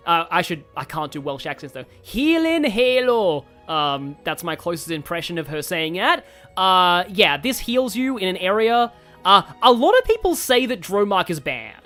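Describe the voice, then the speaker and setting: Lively man rambling over game music. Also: sits high. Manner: rambling, thinking aloud with many fillers. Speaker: streamer. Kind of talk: casual game commentary. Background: faint game music.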